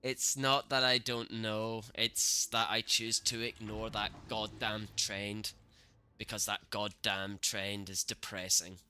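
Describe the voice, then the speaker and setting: A man streaming gameplay, reacting excitably to the match and talking to his chat, cursing at the game. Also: fairly low pitch, slow, clear, resonant tone. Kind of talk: live gameplay commentary.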